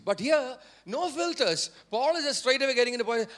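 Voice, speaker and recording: A male pastor with an Indian English accent preaching a sermon, repeating phrases and prompting the congregation to say words back, rising to forceful emphasis. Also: very high voice, expressive, a little fast, few pauses. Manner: repetitive, call-and-response preaching.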